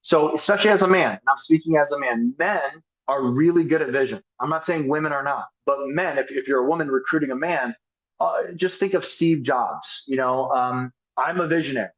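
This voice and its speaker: A man with a slightly raised pitch speaks in a casual, energetic coaching style, acting out little sample conversations to show how to ask for business. The sound is dull and a bit lo-fi. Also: a little fast. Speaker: network marketing team leader. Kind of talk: motivational sales coaching talk.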